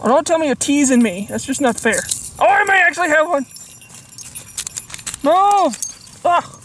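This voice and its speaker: Bubbly high-voiced woman vlogging outdoors. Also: moderate pace, poor audio. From Colorado, USA. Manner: bubbly, squealing with excitement. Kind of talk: excited outdoor vlog. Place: outdoors on a frozen lake. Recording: loud background noise.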